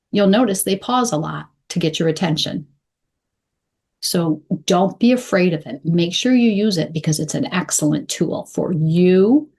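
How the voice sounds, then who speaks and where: A woman coaching clear English, speaking deliberately and modeling phrases slowly with pauses. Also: lowish voice, a little mellow. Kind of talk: instructional talk to camera.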